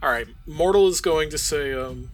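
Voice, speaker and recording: A man's voice: on the high side, moderate pace, faint music behind. A man playing in a tabletop game, laughing easily and talking with a few hesitations. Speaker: player.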